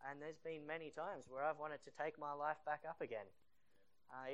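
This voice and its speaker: A man preaching a sermon to his congregation, talking conversationally, rising loud for emphasis and dropping quiet and reflective. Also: a little high. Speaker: pastor.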